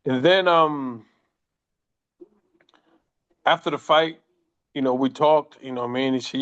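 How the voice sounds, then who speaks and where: A man in his sixties, a former boxer, telling profane, animated stories in a casual interview and quoting people as he goes. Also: mid-range voice, measured pace, pauses often, clean tone. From United States. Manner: profane, animated anecdotes with quoted voices. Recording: muffled lo-fi audio.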